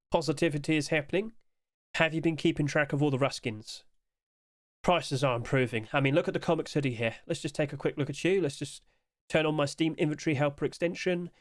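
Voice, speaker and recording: Young male commentator, a little high-pitched, tired, chatty, full of rhetorical asides. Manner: chatty, rhetorical questions, talks to items on screen. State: tired, yawning. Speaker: game skin market commentator. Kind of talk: casual screen-share commentary.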